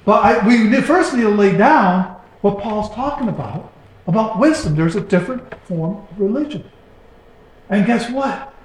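A male pastor preaching a sermon emphatically, repeating his points and building to loud bursts. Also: high-pitched, animated, moderate pace, very echoey, poor audio. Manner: emphatic, repetitive preaching with rising outbursts.

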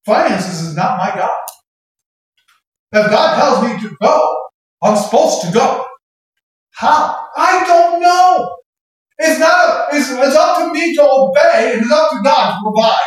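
A woman preaching a sermon with passion, often shouting and lilting into song. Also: high voice, lively intonation, a little slow. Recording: very echoey hall, voice from far off.

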